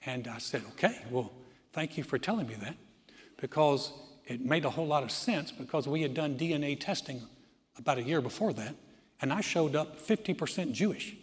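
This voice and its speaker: With a slightly high voice, lively intonation, and a slightly quick pace, a man in his sixties preaches. The pastor's emphatic sermon rises through lists and weaves in stories and humorous asides, all echoing with long hall reverb.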